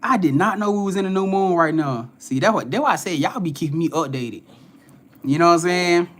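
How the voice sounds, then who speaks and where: A young man with a high, fairly bright voice talks a little fast while hosting a spiritual reading live stream. His chat is laid-back and slangy; he greets viewers by name, swears often, and laughs a lot.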